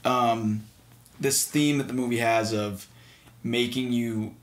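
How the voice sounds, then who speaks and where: A man, chatting casually about a film with friends. He speaks at a middle pitch and in an animated way, and the recording has a roomy echo. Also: takes it slowly. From Massachusetts. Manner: animated, does mocking impressions. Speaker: podcast co-host. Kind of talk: casual movie discussion. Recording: echoey room.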